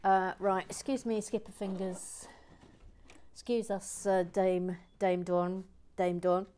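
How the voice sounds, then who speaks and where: A woman hosting a relaxed brick-building stream, chatting playfully and reading out viewer comments with many asides. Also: medium pitch, slow, slight background noise.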